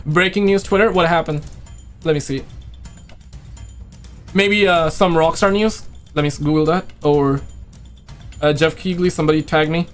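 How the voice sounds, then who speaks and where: A man with a high voice talks excitedly on a live stream, rambling and answering viewers as he goes. He says he is losing his voice. Faint music plays quietly underneath. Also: normal speed, pauses often. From Quebec, Canada. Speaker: livestream host. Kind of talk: casual live stream chat.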